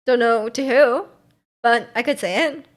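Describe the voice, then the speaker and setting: Young woman streamer, casual rambly chat full of "like", voice a touch high. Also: measured pace. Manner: rambling, heavy use of "like", frequent laughs.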